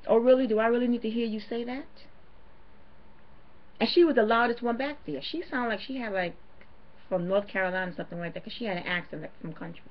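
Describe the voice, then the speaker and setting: A woman rants to camera, indignant and emphatic, repeating her points for effect. Her voice sits fairly high, and the home-video audio is dull and lo-fi. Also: fast talker. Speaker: vlogger. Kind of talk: ranting to camera.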